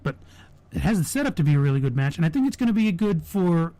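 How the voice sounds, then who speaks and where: A man's voice: fairly high pitch, big pitch swings, quick pace, dark tone, no room sound. A young man hosting a podcast, giving opinionated, sarcastic wrestling predictions in casual chat with frequent restarts. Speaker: podcast host.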